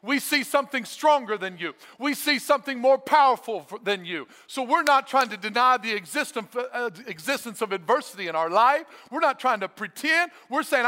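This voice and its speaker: A man preaching a sermon as a pastor, emphatic and energetic, repeating his phrases for effect. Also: very high voice, moderate pace, few pauses, in a large hall. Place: church sanctuary.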